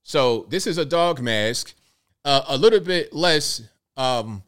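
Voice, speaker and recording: A male host of a live commentary show, talking in an animated way and firing off rhetorical questions. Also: fairly high pitch, slow, clean tone.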